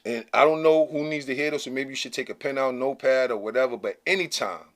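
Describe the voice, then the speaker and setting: A man's voice: mid-range voice, fast talker, few pauses. A man hosting his own channel, talking casually to camera in a blunt, slangy, emphatic way that keeps checking in with "okay?". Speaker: channel host.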